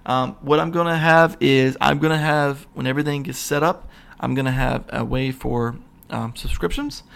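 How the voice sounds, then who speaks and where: Gravelly man rambling on his podcast. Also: medium pitch, moderate pace. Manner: rambling, excitable, many fillers and restarts. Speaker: podcast host. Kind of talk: casual solo podcast rant. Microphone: single mic, podcast.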